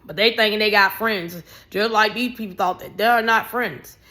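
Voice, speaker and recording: A woman giving casual, ranting commentary, blunt and animated, swearing freely and raising her voice in bursts. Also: medium pitch, moderate pace. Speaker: vlogger.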